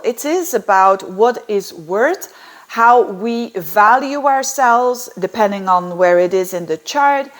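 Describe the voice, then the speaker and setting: A woman, an astrologer explaining a chart in a chatty, digressive way with many fillers and restarts. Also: mid-range voice. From Belgium.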